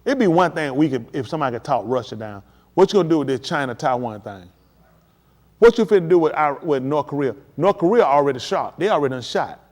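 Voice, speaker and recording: A man preaching on a livestream, emphatic and addressing his listeners directly, building to excited peaks. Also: a little high, fast. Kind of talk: livestream preaching on world events.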